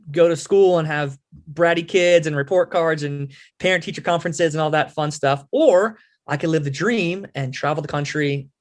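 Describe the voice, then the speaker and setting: A man in his twenties from the Philadelphia area, a podcast guest telling his story with lively energy and many fillers. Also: fairly high pitch. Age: 20s. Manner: animated storyteller, lots of fillers. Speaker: podcast guest, halftime performer. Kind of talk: casual storytelling interview.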